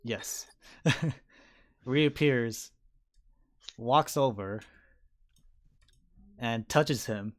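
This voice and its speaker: A man's voice: medium pitch, drawn-out words, pauses often. Man narrating a tabletop battle. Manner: lively play-by-play narration, sound effects, casual swearing. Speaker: dungeon master.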